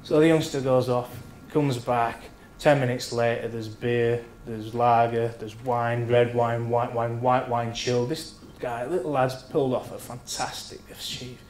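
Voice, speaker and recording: A man in his thirties spins bawdy after-dinner anecdotes, swearing freely and acting out the people in his stories. His voice sits at a middling pitch. It rings around a roomy function hall over a faint murmur of ambience. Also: flat delivery, a little slow, hardly any pauses, darkish tone, slight background noise. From England. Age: 30s.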